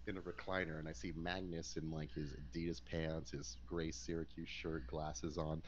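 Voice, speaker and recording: A man's voice: extremely low pitch, normal speed, highs cut off, slight background noise. A man in casual conversation on a podcast, telling stories from his career and acting out the voices of people he quotes. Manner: animated, acts out quoted voices. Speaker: guest wrestler. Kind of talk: casual storytelling.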